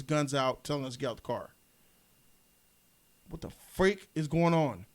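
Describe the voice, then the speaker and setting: This podcast host's voice sits on the high side, and he speaks at a normal speed with long pauses. Chatting casually, he spins a story with animation, performing the quotes of the people involved.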